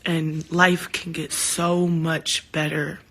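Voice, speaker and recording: A woman's voice: deep voice, level tone, slow pace, fairly bright tone. A woman talking casually to her fans on a phone livestream, heartfelt and open, swearing now and then. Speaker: singer hosting a livestream.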